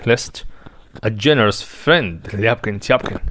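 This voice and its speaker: A man reading out stage directions and character names in a flat, matter-of-fact way. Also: mid-range voice, a little slow. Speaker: reader.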